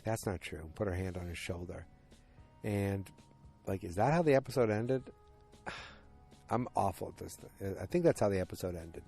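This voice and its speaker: Rambling low-voiced man recapping. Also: creaky, mellow. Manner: rambling, self-correcting, many fillers. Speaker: podcast host. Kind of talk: casual solo episode recap.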